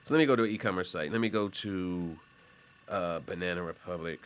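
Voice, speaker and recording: A man's voice: deep voice, brisk, a little hiss or hum. A male college instructor explaining a topic casually while clicking through websites, with a rambling, conversational delivery full of asides and self-corrections. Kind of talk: casual classroom explanation while screen sharing.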